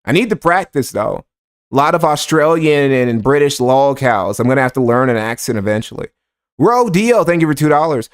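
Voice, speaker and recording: A man's voice: medium pitch, expressive, moderate pace. A man giving sarcastic, profane, rambling commentary on a livestream while reading donations. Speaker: streamer reacting to clips.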